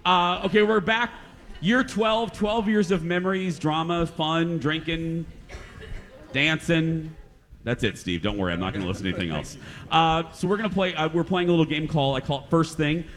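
A man's voice: fairly high pitch, lively intonation, moderate pace, fairly bright tone. A man hosting a casual chat show, upbeat and joking. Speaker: podcast host.

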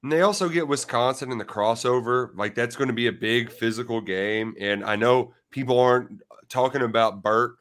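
A man's voice: medium pitch, normal speed, fairly bright tone. Joking man trading betting banter. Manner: playful, self-mocking banter. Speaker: podcast co-host. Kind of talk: casual sports betting chat.

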